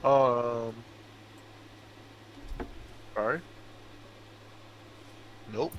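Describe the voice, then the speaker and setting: A man playing a tabletop game over voice chat, speaking haltingly with many fillers. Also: mid-range voice, fairly even intonation, muffled recording, slight background noise. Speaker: player.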